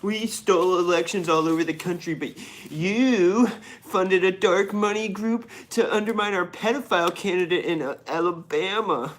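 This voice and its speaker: A man voices a whiny, crying caricature of a male Republican in a high, sobbing, fairly bright voice at a moderate pace. The performance is mocking and exaggerated, and the accent keeps shifting.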